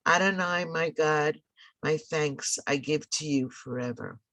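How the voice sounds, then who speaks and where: A woman reading a psalm aloud for a class, with slow, measured phrasing. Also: deep voice, a bit bright, no room sound. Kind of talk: read-aloud recitation.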